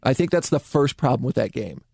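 A man co-hosting a casual gaming podcast, telling rambling stories at a quick clip. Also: mid-range voice, very animated, gravelly, a little mellow, husky, no room sound, studio quality. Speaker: podcast co-host. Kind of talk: casual chat. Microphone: close studio mic.

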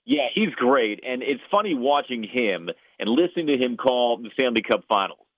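A man's voice: medium pitch, very animated, moderate pace, dry recording. A Chicago-accented man who calls games for a living talks through an interview with an earnest, storytelling flow. His voice comes through narrow and phone-like, dry with no room around it. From Chicago area. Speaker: play-by-play broadcaster. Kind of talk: podcast interview answers. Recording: tinny phone line.

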